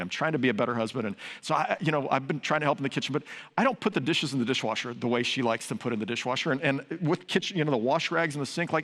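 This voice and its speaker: Older pastor preaching in a big sanctuary. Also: male voice, medium pitch, fairly bright tone. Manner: earnest, conversational preaching with storytelling asides. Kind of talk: sermon. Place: large church sanctuary. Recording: long reverb of a large sanctuary.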